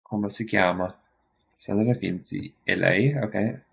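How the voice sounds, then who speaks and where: A man live streaming his study session, thinking aloud in a rambling way, correcting himself and slowly sounding out phrases. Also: lowish voice, fairly even intonation, vocal fry, slightly rough.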